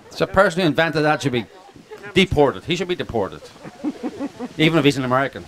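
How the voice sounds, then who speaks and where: Over crowd noise, a man from Ireland, a documentary filmmaker, addresses a picnic gathering outdoors in a sing-song, rather high voice. He talks fast but pauses often, rambling, joking, restarting and drifting into asides.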